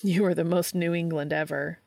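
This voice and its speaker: A woman voicing a warm, teasing adult man, speaking in a hushed, half-whispered way. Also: fairly low pitch, fairly even intonation, moderate pace, creaky.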